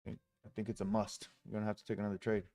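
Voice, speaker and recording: A man's voice: lowish voice, completely flat delivery, very fast, mellow. A man live-streaming his day trading, talking through his trades with heavy swearing and frustrated outbursts.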